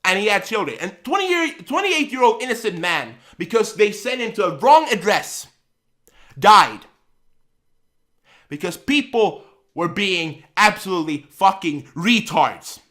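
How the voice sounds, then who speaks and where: A man's voice: sits high, animated, moderate pace, fairly bright tone. A man on his channel ranting heatedly, swearing and repeating himself as he vents. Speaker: channel host. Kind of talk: angry vlog rant.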